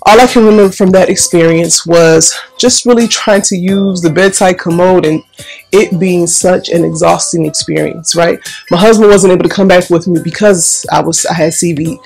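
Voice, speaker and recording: Woman vlogging her story, kinda gravelly, acts out quotes, faint music under. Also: fairly low pitch. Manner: chatty, animated, restarts and acts out quotes. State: recovering breath after illness. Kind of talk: casual personal storytelling.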